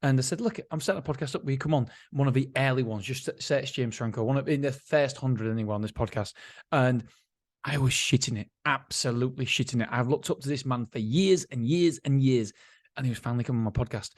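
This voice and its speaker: A man's voice: medium pitch, fairly quick. Man, middle-aged, podcast host, rambling casual monologue, self-mocking. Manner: chatty, rambling, self-mocking, laughs often.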